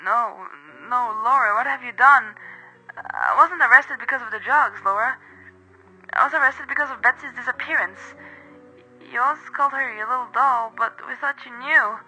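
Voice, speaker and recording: A man's voice: sits high, normal speed, bright, forceful tone, breathy edge, full character voice, poor audio. A man voicing a remorseful middle-aged mother who pleads tearfully down the phone, in a told horror story. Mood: distraught. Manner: pleading, distraught. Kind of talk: storytelling narration.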